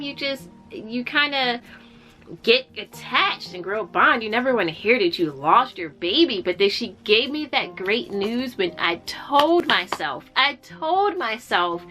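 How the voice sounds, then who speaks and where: Young woman vlogger, bright clear voice, candid heartfelt storytelling, faint music underneath. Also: medium pitch. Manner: candid and heartfelt, with frequent fillers and restarts. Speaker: vlogger sharing a personal story. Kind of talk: casual personal storytelling.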